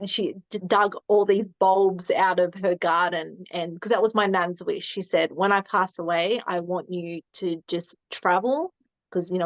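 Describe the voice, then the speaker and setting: A woman, a guest telling a family story in casual chat, full of "um" and "like" and quick laughs. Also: lowish voice, dry recording. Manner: chatty, lots of "um" and "like", laughs often. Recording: dry, dull lo-fi mic sound.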